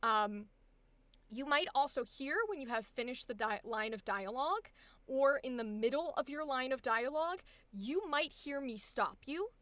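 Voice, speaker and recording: High, bright-voiced woman coaching. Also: expressive, normal speed, no room sound. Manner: chatty, laughs often, exclamatory. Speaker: voice acting coach. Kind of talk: live-streamed coaching session.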